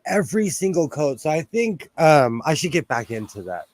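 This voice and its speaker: A man's voice: a little high, sing-song, normal speed, a little mellow, no room sound. A young adult man chatting casually on a livestream from his home sewing room, rambling through asides and laughing often. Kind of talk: casual live-stream chat. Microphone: phone close by.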